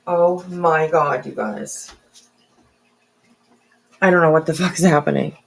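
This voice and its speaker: A woman's voice: low-pitched, measured pace, gravelly. A woman hosting a casual livestream from home, emotional and teary, sniffling and rambling with lots of fillers. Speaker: livestream host.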